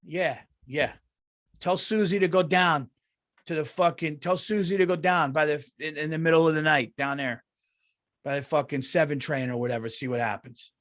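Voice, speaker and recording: A middle-aged man rants on his comedy podcast. He sounds heated, swears freely and circles back over his points. His voice sits slightly higher than most men's. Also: fairly even intonation, normal speed, fairly bright tone. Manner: heated, profane, repetitive ranting. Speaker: podcast host. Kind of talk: casual comedy podcast rant.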